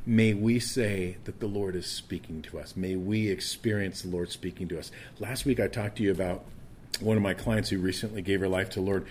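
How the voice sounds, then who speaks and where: The preacher's voice is low and darkish, at normal speed, with a little hiss or hum in the recording. His sermon includes scripture reading, and he speaks earnestly and conversationally, often restarting thoughts and stumbling over repeated words.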